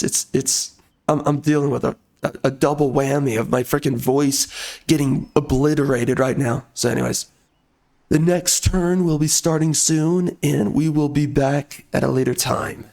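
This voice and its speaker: A man giving casual gameplay commentary, ranting bluntly in a hoarse voice and dropping mild minced swears. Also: a little high, steady tone, moderate pace, darkish tone.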